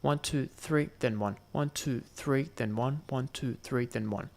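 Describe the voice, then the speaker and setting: A man's voice: mid-range voice, measured pace, gravelly, darkish tone. A man giving gameplay commentary, thinking aloud and muttering counts to himself as he plays. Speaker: gaming channel host.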